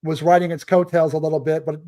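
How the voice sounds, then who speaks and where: A man co-hosting a film podcast in relaxed, casual talk. His voice is mellow and a little high, and he pauses now and then with hesitant fillers. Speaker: podcast co-host. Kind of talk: casual film review chat.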